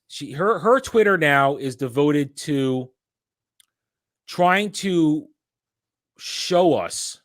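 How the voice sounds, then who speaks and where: A man's voice: mid-range voice, no room sound, studio quality. Ranting man hosting a commentary chat. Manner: ranting, animated, frequent restarts. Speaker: host.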